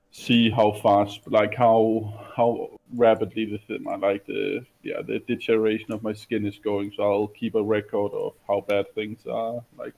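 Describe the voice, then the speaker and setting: A man in a casual tabletop game, joking and laughing easily. His voice sits low and gravelly, with faint background hiss behind him. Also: a little mellow, poor audio. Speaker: player. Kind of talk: casual tabletop role-play.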